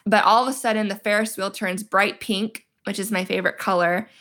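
Young woman guest, chatty and animated, middle-pitched, acts out dialogue as she tells it. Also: a little fast. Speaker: podcast guest, military spouse. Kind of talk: casual storytelling interview.

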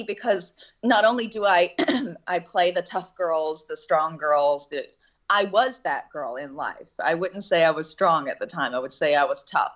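Woman, low voice, candid personal storytelling, earnest and halting; slightly muffled recording. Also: fairly bright tone. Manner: earnest, halting, with restarts and nervous laughs. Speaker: actress and interview guest.

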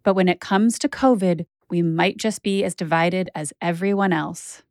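A woman's voice: lowish voice, normal speed, a little mellow, dry recording, clean studio sound. A woman journalist telling a personal story as a podcast narrator, candid and conversational with frequent "like" fillers.

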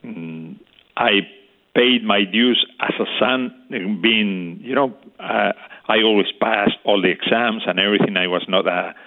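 Older guy, low voice, halting, tinny phone line. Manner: halting, searching for words. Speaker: interview guest. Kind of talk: reflective storytelling.

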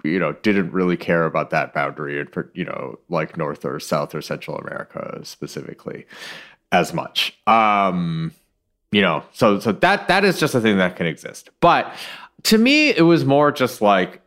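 A man co-hosting a podcast, his voice sitting low but swinging up and down with lively, animated intonation. He talks things through in a thoughtful, hedging way, wandering into side points before landing on his idea, recorded on a close studio microphone. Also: normal speed. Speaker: podcast co-host. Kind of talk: casual podcast discussion.

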